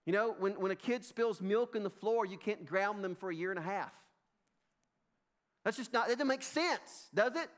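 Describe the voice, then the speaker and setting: Emphatic Southern pastor with a high voice. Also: male voice, normal speed. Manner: emphatic, repeats himself, addresses congregation as folks. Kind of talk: sermon. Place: church sanctuary.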